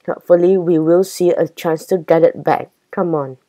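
A woman's voice: lowish voice, steady tone, normal speed, dark tone, lightly acted. A woman voicing an eager young girl in a storybook, in close to her own voice. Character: excited young girl, a fairy's friend. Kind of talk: storybook reading.

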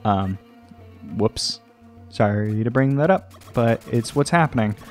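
A man hosting a let's play, rambling and joking at himself, often jumping into a high sing-song voice. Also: lively intonation, unhurried, soft background music. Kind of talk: casual gameplay commentary. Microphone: desk microphone.

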